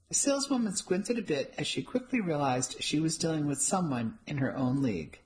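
A woman reading a first-person mystery novel aloud in an even, descriptive storytelling manner. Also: low-pitched, brisk, hardly any pauses, poor audio. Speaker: audiobook narrator.

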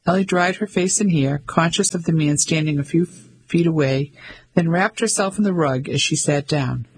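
Husky-voiced man reading a novel. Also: fairly high pitch, moderate pace, poor audio. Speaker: volunteer reader. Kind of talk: audiobook narration.

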